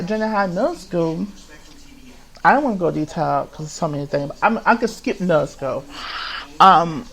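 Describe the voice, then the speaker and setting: A man's voice: sits high, poor audio. A man alone at the mic, pouring out a confessional monologue for his podcast. He stumbles and restarts constantly, circling back over the same words. His speech is full of swearing and runs raw and agitated throughout. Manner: rambling and halting, with many restarts and repeats; heavy swearing. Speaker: podcast host.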